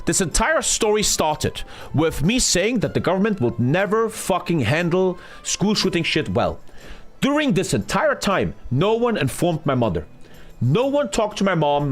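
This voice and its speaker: A man, telling a story on a gaming live stream in a casual, profane way and acting out what others said. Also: fairly high pitch. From Germany. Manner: animated, profane, retelling with acted-out quotes.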